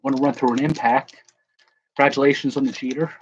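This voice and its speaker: A man's voice: mid-range voice, fairly even intonation, fast talker. A young man chats loosely with his viewers as he rips open card packs, cracking jokes and greeting people by name. His voice sits in a middle register. The stream audio is slightly dull, with a faint hiss behind it. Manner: chatty, joking, talks to viewers in chat by name. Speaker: card breaker livestream host. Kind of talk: casual livestream chat while opening trading card packs.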